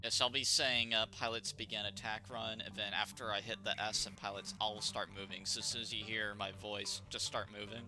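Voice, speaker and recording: A man's voice: fairly low pitch, steady tone, brisk, hardly any pauses, music in the background. A man casually discussing formation spacing for a game, saying "like" often. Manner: laid-back, says "like" often. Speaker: squad leader calling the attack. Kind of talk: casual game coordination over voice chat.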